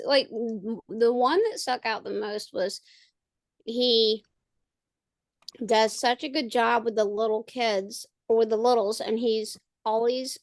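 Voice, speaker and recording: Chatting casually over a video call, this woman, a parent and podcast co-host, rambles with lots of fillers and restarts. Her voice is fairly high-pitched, and there's no room sound.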